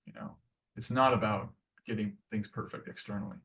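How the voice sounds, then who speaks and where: A man's voice: lowish voice, sing-song, fairly quick, creaky, fairly bright tone, recorded from a distance. A man giving a casual devotional class, talking earnestly and conversationally with many restarts.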